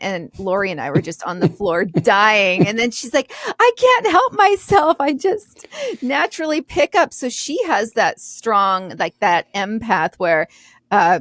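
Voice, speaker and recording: A woman co-hosting a podcast in casual chat, an animated storyteller who laughs easily. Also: medium pitch, no room sound, studio quality. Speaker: podcast co-host.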